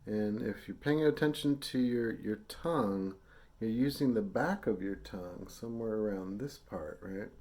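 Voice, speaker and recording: At a normal speed, a man with a fairly low, slightly mellow voice gives an instructional brass lesson. He's patient and casual, using fillers, and sounds out tonguing syllables for students to imitate.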